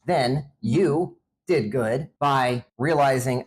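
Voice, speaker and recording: Man co-host, earnest explainer, middle-pitched, light background hiss. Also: steady tone, a little slow, hardly any pauses. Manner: earnest, explains things step by step. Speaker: podcast co-host. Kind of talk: casual couple's conversation.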